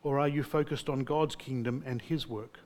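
A man's voice: mid-range voice, fairly even intonation, normal speed, a little mellow. A male pastor preaching a sermon, putting direct rhetorical questions to his listeners.

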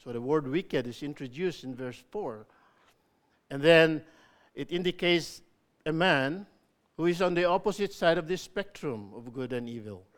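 A man's voice: fairly high pitch, animated, a little slow. A man preaching a sermon, explaining scripture with emphatic repetition. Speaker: pastor.

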